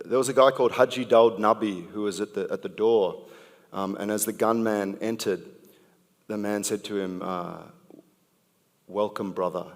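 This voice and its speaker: An Australian man performing spoken word poetry, with rhythmic, punchy phrasing and easygoing talk between poems. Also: deep voice. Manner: rhythmic, punchy delivery, slow deliberate phrasing. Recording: long hall reverb.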